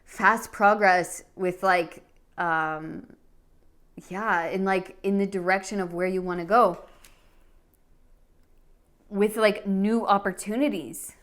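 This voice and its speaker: A woman's voice: mid-range voice, steady tone, slow pace, long pauses, a bit bright. A woman giving a pick-a-card tarot reading, talking in an earnest, emotional way with many fillers and restarts. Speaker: tarot reader.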